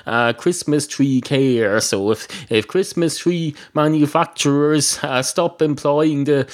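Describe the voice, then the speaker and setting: A man doing a rambling improvised comic monologue, deadpan and digressive, with halting restarts. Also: a little high.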